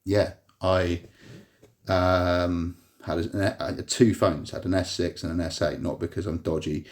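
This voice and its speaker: A man's voice: deep voice, little pitch movement, unhurried. A man in a hospital room, rambling through a personal story to a phone on a tripod, full of fillers and restarts. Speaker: vlogger recounting a personal grievance. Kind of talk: rambling monologue to camera.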